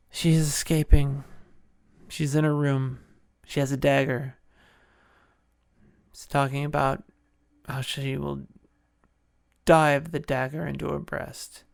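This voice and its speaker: A man's voice: mid-range voice, level tone, slow pace, vocal fry, pauses often, dry recording, studio quality. A man hosting a podcast, retelling a film in a casual, joking, enthusiastic way. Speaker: podcast host.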